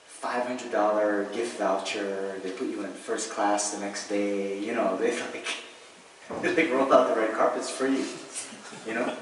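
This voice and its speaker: A Buddhist teacher gives a casual dharma talk, chatty and joking with many asides and fillers. His voice is on the low side, steady and unhurried, recorded with a distant mic in a very echoey, noisy hall.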